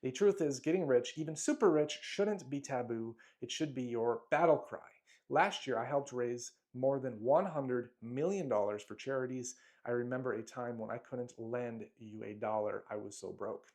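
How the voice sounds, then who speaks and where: A man's voice: medium pitch, normal speed, darkish tone. A man reading aloud from his own money booklet in a motivational style, emphatic and declamatory, with short punchy phrases and the odd off-script aside. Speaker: self-help speaker.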